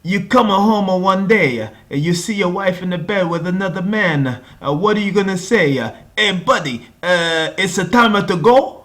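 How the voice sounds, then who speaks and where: Man voicing an exasperated old-school father, mock Italian accent, high and loud. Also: moderate pace, few pauses. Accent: put-on Italian accent attempt. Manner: raised high excited voice.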